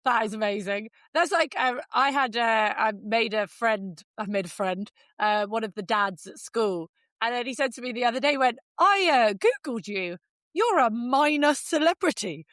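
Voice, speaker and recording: A middle-aged woman co-hosts a podcast with a teasing, joking manner. Her voice sits a little high and is recorded close with no echo. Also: fairly bright tone. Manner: teasing, quick with a joke. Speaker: podcast co-host. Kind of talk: casual chat.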